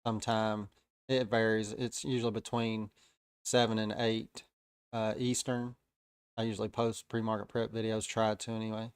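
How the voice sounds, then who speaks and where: Laid-back Southern man, smooth voice. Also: on the low side, little pitch movement, normal speed, no room sound, studio quality. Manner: easygoing, chatty, frequent "uh" fillers. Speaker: day-trading live-stream host. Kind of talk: casual live-stream market commentary.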